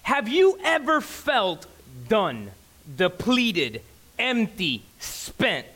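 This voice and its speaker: High, bright-voiced excitable preacher man. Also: extremely slow. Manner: excitable, emphatic, repeats phrases for effect. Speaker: pastor. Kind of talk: sermon. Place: church sanctuary.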